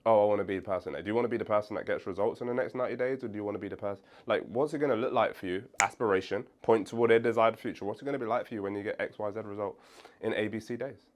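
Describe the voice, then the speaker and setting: A young man giving an energetic sales-training lesson, acting out what prospects say and laughing often. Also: on the low side, racing. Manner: animated, acts out prospect replies, laughs often. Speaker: sales coach.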